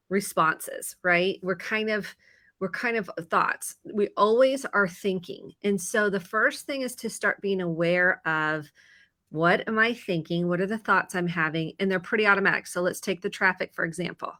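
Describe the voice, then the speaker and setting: A woman therapist with a Midwestern American accent, calmly explaining and acting out inner thoughts in a casual video chat. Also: mid-range voice, moderate pace. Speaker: therapist guest. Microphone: video call.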